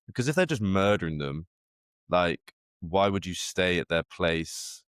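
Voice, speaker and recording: A man with a very low, deep voice talks loosely on a podcast, circling his ideas and restarting sentences as he goes. The sound is close and dry, with no room around it. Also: animated, measured pace, fairly bright tone, clean tone, no echo. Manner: rambling, speculative, full of restarts. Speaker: podcast co-host. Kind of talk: casual chat.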